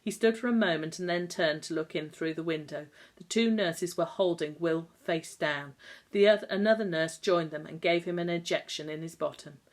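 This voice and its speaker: A woman reading a novel aloud in a calm, measured way. Her voice sits notably low for a woman, steady through the narration. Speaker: audiobook narrator. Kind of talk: scripted narration.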